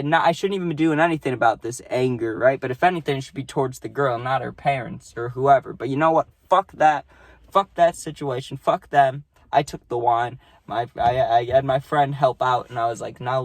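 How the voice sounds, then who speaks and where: A man's voice: medium pitch, dry recording. A young man telling a party story in a loose, rambling way, swearing a lot and tagging lines with "right?". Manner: profane, rambling, peppered with "right?". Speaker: storytime vlogger. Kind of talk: casual storytelling.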